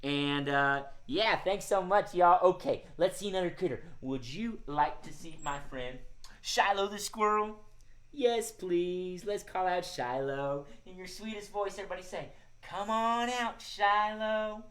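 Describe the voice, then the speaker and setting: A man's voice: high voice, unhurried, fairly bright tone. A man hosting a live children's music show, playful and coaxing, who often says "y'all" to his young audience. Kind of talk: live-streamed kids' show chat.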